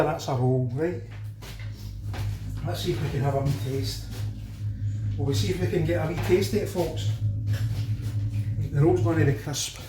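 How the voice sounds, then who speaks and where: A Glaswegian man talks viewers through his cooking in a home kitchen, exclaiming over every bite. His voice sits a little high but sounds mellow. The room is echoey, with a faint hiss behind him. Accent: Glaswegian Scottish. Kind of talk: casual cooking commentary to camera.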